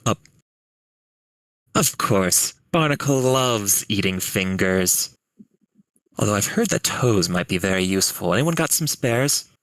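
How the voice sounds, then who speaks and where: A man's voice: on the low side, animated, a little slow, long pauses, a bit bright, no room sound. Captain Smoke, a man playing a cruel pirate captain. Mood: menacing. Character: menacing female pirate captain, cruel, rum-drinking.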